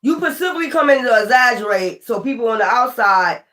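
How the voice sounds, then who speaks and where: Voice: mid-range voice, lively intonation, fast, bright, forceful tone. A tarot reader talks straight to viewers in a live reading. The delivery is blunt and peppered with swearing. Points get repeated and pressed hard. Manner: blunt, profane and emphatic, with lots of repetition.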